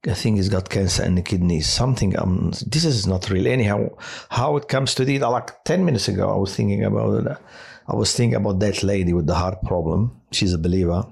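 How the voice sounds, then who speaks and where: A man who works as a hospital chaplain tells personal stories in a halting way, with many restarts and fillers. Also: on the low side, creaky, darkish tone, husky. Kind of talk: personal testimony on a podcast.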